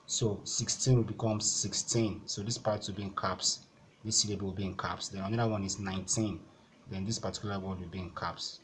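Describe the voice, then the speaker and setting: A man's voice: deep voice, slight background noise. A Nigerian man teaching an exam-prep lesson at a board, patiently repeating each point and filling gaps with "okay".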